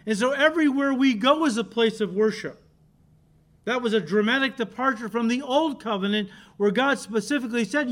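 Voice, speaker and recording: High-voiced emphatic male pastor preaching. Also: a bit bright. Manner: emphatic, repeats key words for stress; addresses the congregation directly. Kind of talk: sermon.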